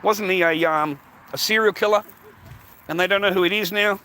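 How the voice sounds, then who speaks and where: A man's voice: sits high, normal speed, bright, forceful tone, low-quality recording. An Australian man livestreaming outdoors, rambling to his viewers, swearing heavily and calling everyone mate. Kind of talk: casual livestream chat to viewers. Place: outdoors on a street. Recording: outdoor street noise, passing traffic.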